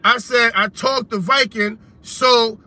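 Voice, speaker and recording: Man host, high bright voice, confrontational, talks over others, noisy car. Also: fairly even intonation, slow. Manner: confrontational, repeats himself to interrupt. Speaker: show host. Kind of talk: heated phone argument.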